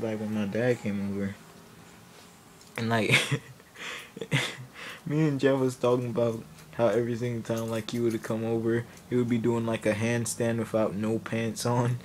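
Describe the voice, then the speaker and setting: Unhurried and flat, a medium-pitched male vlogger tells a funny story, laughing, wandering off topic, and stopping himself mid-sentence. Slight background noise can be heard.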